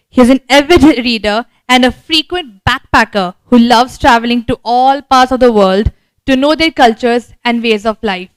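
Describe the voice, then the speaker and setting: A woman's voice: high-pitched, clean tone, dry recording, low-quality recording. A woman, hosting an event and formally reading out a speaker introduction. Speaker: event host.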